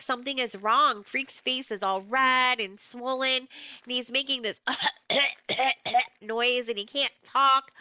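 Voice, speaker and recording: Woman narrator for a young-reader audiobook; bright, slightly high, close and dry. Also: clear, resonant tone, no room sound, rough recording. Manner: plain, conversational storytelling. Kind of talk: first-person novel narration.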